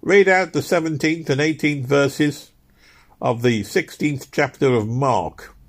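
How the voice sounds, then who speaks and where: A man's voice: on the high side, slow pace, pitched above the performer's own voice. A man doing a scornful young heckler. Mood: mocking. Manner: scornful, challenging. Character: mocking young male unbeliever, well-dressed.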